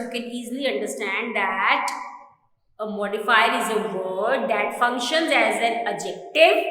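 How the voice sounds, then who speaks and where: A woman with an Indian English accent teaching a grammar lesson, speaking slowly and repeating each example sentence for her students. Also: a little high, fairly bright tone. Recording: echoey room with long reverb.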